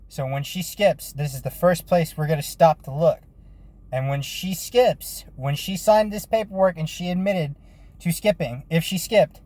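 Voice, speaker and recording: A man telling a lively, profane story about his work as a bounty hunter, with frequent restarts. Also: on the high side, dry recording. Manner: lively retelling with swearing and restarts. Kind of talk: casual storytelling vlog.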